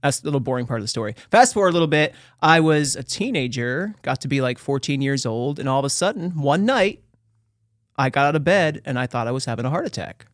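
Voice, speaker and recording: Animated young man from Pennsylvania. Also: medium pitch, fast, no room sound, clean studio sound. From Pennsylvania, USA. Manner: animated, talks with his hands, slangy. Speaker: podcast guest. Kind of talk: casual storytelling.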